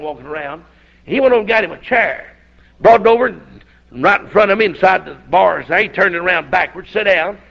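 Animated older preacher, gravelly. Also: male voice, on the high side, highs cut off. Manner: folksy, animated storytelling with shouted outbursts. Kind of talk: storytelling sermon.

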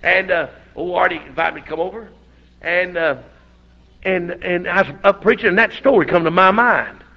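An older man, preaching a folksy, animated storytelling sermon that breaks into shouted outbursts. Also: sits high, normal speed, gravelly, dull audio.

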